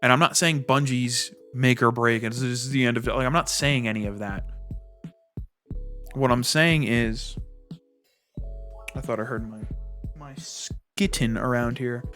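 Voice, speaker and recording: A man ranting in a casual gaming commentary, animated and acting out quick bits of dialogue. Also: medium pitch, soft background music. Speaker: gaming YouTuber.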